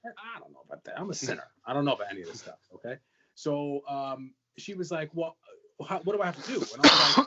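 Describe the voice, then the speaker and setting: Fast-talking man telling a story. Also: medium pitch, lively intonation, lo-fi sound, background noise. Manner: rapid anecdotal storytelling, acts out both sides of conversations. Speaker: podcast co-host, parent. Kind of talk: casual podcast storytelling.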